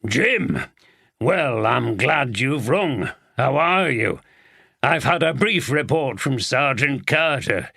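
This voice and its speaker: A man voicing a gruff, blunt older police chief with a Yorkshire accent, in an audiobook. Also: medium pitch, expressive, slow pace, sharp tone, no echo, studio quality, exaggerated voice. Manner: blunt, swears casually.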